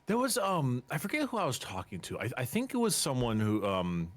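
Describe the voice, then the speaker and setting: A man's voice: mid-range voice, huge pitch swings. A man chatting as a podcast guest, rambling and restarting his sentences often. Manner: rambling, halting with many restarts. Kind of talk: casual chat.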